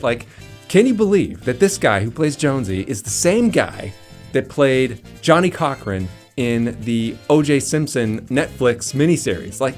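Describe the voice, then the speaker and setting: A chatty man enthuses about a film, with a lively, bouncing pitch and frequent laughs. He leans on fillers and jokes as he rambles. Soft guitar music plays behind him. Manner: enthusiastic, jokey, laughs often, many "like" fillers. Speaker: movie reviewer. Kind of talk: casual movie review monologue.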